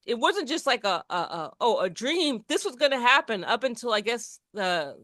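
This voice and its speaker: Bright, chatty woman in a dry room. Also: fairly high pitch, sing-song, moderate pace, no room sound. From New Jersey. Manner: rambling, many restarts and fillers, laughs often. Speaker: podcast co-host. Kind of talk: casual chat.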